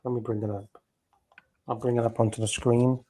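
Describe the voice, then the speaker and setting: A man's voice: mid-range voice, little pitch movement, fairly quick, mellow, a little hiss or hum. A man hosting a casual livestream, reading viewer donations aloud, loose and sweary. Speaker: livestream host.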